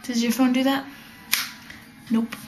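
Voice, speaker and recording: A woman's voice: high-pitched, level tone, a little slow, roomy sound, music in the background. A teenage girl vlogging at home, chatting to the camera in a bubbly, rambling, joking way while lying on the floor, recorded on a built-in camera mic. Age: teens. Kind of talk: casual chat to camera.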